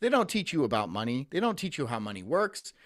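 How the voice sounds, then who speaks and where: A man's voice: medium pitch, sing-song, quick pace, fairly bright tone. A man streaming, ranting profanely and reading chat messages aloud in casual commentary.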